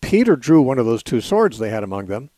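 A man hosting a call-in radio program, explaining scripture at an unhurried, measured pace. He pauses often with small fillers. His voice is close and dry, with no room sound, from a studio microphone. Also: mid-range voice, very animated, warm tone, no room sound. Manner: measured, explanatory, with frequent "uh" and "you know". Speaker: radio call-in show host. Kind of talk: call-in radio Bible answers.

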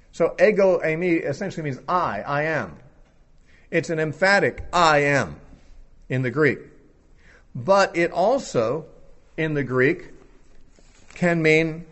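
A man explaining a Bible passage in an unscripted teaching talk, thinking aloud with occasional fillers. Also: on the high side.

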